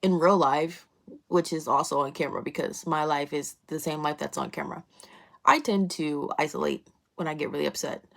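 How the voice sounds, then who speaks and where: Creaky low-voiced woman vlogging her faith. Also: brisk. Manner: earnest, repeats phrases for emphasis; casual, addresses viewers as y'all. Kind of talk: spoken faith declarations and candid chat to camera. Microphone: phone camera, selfie-style.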